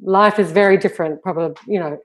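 A woman interviewing a dancer, asking questions in a relaxed conversational way. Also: fairly low pitch, fast.

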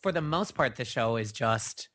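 A man co-hosting a podcast, chatting casually in a relaxed way with hesitant restarts. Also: mid-range voice, normal speed. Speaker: podcast co-host. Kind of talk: casual chat.

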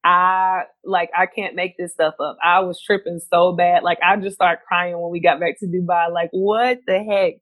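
Woman, lowish voice, animated storytelling, quick delivery, dry close sound. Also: no echo. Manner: animated, quick, acts out other people's lines. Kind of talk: casual storytelling chat.

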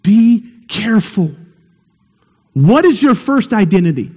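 A man preaching a sermon as pastor, emphatic and building to shouts at the high points. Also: sing-song, unhurried, slightly rough. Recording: long hall reverb.

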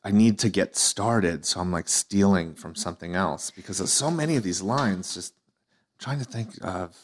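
A man's voice: low-pitched, moderate pace. A man, a comedian guest on a podcast, who talks hesitantly, stammering and running himself down. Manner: hesitant, stammering, self-deprecating. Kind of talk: casual podcast chat.

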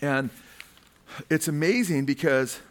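A man's voice: on the high side, takes it slowly. A male preacher giving a fervent sermon. He keeps calling his listeners "man" and puts questions to the crowd.

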